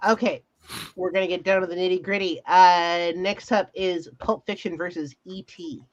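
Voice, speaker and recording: A woman's voice: fairly low pitch, steady tone, normal speed, highs cut off. A woman co-hosting a livestreamed podcast in casual chat, chatty and laughing between remarks. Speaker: podcast co-host.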